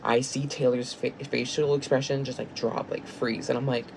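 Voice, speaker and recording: A young man tells a story to the camera in a loose, rambling way, stumbling and restarting his sentences. His voice has a gravelly, creaky edge at a middle pitch. A faint hiss of noise sits under the recording. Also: fairly even intonation, moderate pace, hardly any pauses. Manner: rambling, many fillers and restarts. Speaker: vlogger. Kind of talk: casual storytime.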